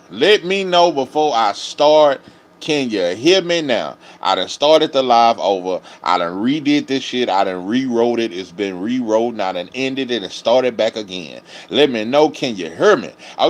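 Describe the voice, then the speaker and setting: A man, hosting a live-stream commentary with profane, emphatic ranting. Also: mid-range voice. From Dallas area, Texas. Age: 30s. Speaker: host.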